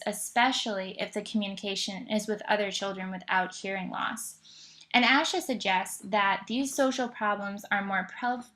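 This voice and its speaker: A woman presenting an educational slideshow in a clear explanatory voice, with occasional fillers and self-corrections. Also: mid-range voice, a bit bright. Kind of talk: scripted educational narration.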